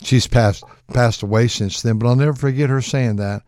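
An older man, a pastor, preaching a folksy sermon with frequent restarts, acting out quoted voices in a higher pitch. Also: normal speed, a little mellow, no room sound, studio quality.

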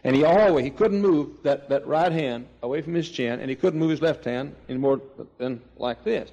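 An older man preaching a sermon, telling stories with emphatic swings between loud and hushed delivery. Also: fairly high pitch, normal speed. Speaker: pastor.

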